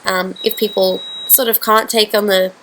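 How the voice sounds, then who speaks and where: A woman's voice: medium pitch, level tone, normal speed, a bit bright, slight background noise, rough recording. A woman giving a heartfelt, rambling video message to an online group she founded. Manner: earnest, heartfelt, rambling with fillers. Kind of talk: direct-to-camera video message.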